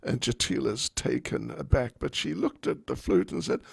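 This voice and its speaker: A man, a spiritual teacher, telling a story in a class, animated and wryly humorous. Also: medium pitch, moderate pace, vocal fry, hardly any pauses, breathy edge, no echo, clean studio sound.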